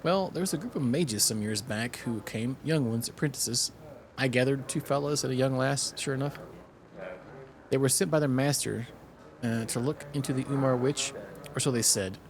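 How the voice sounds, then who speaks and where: A man's voice: mid-range voice, normal speed, close to an everyday voice. A man voicing a pompous, boastful male innkeeper who tells tales in theatrical, old-fashioned speech while reading game dialogue aloud. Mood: storytelling.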